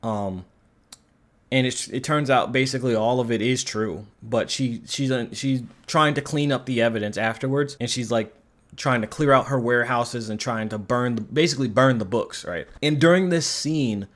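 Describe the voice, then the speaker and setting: A man's voice: medium pitch, moderate pace, fairly bright tone. A man giving a casual spoken film review, rambling and sarcastic, swearing casually. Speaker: movie reviewer.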